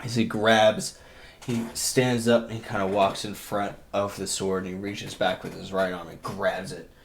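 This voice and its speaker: A young man acting as game master, narrating a tabletop game in an animated way and laughing often. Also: deep voice, normal speed, slight background noise.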